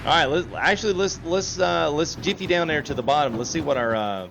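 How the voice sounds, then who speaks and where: A man's voice: on the high side, fairly quick, vocal fry, a bit bright, lo-fi sound, slight background noise. A man hosting a gaming livestream, chatting casually and reading chat aloud. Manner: chatty, laughs often, reads chat aloud.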